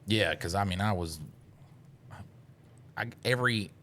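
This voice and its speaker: A man, co-hosting a podcast, telling a story in casual chat, swearing a lot and jumping into loud voices when he quotes himself. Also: on the low side, measured pace. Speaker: podcast co-host.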